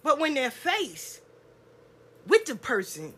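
A woman's voice: high-pitched, wildly swooping pitch, slow pace, bright, forceful tone, a little hiss or hum. A woman, hosting a solo podcast and ranting bluntly and profanely, acting out other people's voices. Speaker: podcast host. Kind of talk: casual solo podcast rant.

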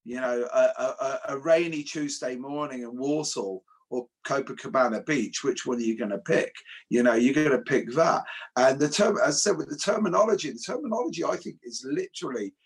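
A man from England co-hosting a casual martial arts discussion, joking and animated. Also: mid-range voice, moderate pace, husky. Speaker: martial arts show co-host.

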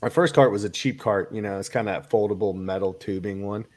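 With a cold, a kayak angler guest talks gear in a casual, rambling chat full of fillers and restarts. He speaks fairly quickly, his voice on the low side and darkish in tone.

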